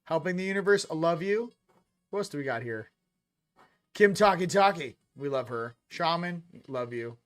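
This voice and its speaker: A man's voice: fairly high pitch, expressive, normal speed. A man hosting a casual spiritual card reading, joking and slangy with frequent laughs. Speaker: host of a spiritual reading show.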